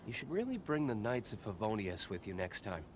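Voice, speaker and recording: An actor voicing a calm, dutiful townsman in a video game, with an even, measured delivery. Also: lowish voice, noisy background. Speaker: game character. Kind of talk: game voice acting. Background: game music.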